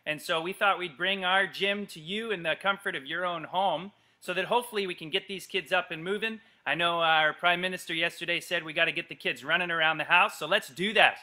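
A middle-aged man, a gymnastics coach leading a live kids' exercise class from an empty gym, energetic and calling out commands with playful yells. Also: high-pitched, fairly quick, hardly any pauses. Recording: echoey gym.

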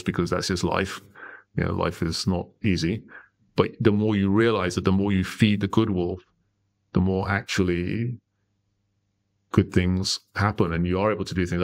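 Deep-voiced man telling a story. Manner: animated storyteller, tags lines with "right?". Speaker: podcast guest. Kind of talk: conversational storytelling.

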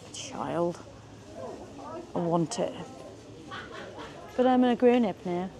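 Chatty woman vlogging. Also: mid-range voice. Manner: chatty, self-mocking, bubbly. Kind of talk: casual vlog chat. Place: shops and office, in and out.

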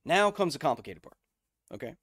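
A man's voice: fairly high pitch, sing-song, a little fast, fairly bright tone, no room sound, studio quality. Chatty male livestream science host. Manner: conversational, checks in with viewers often; reads and answers chat messages. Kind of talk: casual livestream science explainer.

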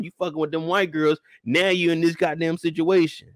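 A man's voice: a little high, fairly even intonation, fast talker, few pauses, no room sound, clean studio sound. A man ranting about a show in blunt, profane talk, acting out the scenes as he goes. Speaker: show reviewer.

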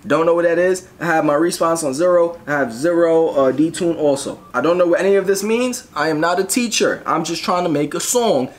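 A young creator chatting casually through a home music session, rambling and poking fun at their own attempts. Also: mid-range voice. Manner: rambling, self-mocking, quick to laugh. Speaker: creator showing a beat session. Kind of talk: casual tutorial chat.

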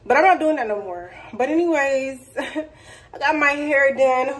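Chatty excitable young woman vlogger. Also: sits high, takes it slowly. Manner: chatty, excitable, slangy and animated. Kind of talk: casual chat to camera.

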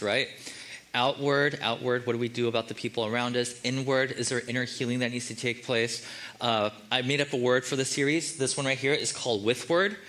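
Bright-voiced, joking male pastor. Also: medium pitch. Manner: casual, joking, conversational preaching. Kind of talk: sermon.

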